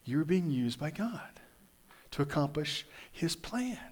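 A man from Kansas preaching a sermon in a conversational, animated way, often restarting and repeating words. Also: on the high side, measured pace. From Kansas, USA. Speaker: pastor.

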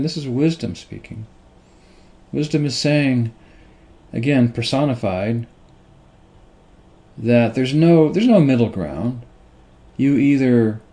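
A middle-aged man teaching from the Bible, halting and repeating himself, stressing points with rhetorical questions. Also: medium pitch, mellow. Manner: halting, repeats words and restarts. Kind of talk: slow unscripted Bible teaching.

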